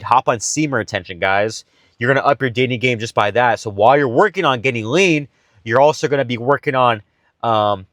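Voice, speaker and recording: A young man talks straight to his viewers in a loose, profane pep talk about dating, leaning on "bro" and "guys" like he's coaching a friend. His voice sits at an ordinary middle pitch. The sound is dry and close, with no room around it. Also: a bit bright, dry recording. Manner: blunt, profane, buddy-style, calls listeners bro and guys. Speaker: dating advice vlogger.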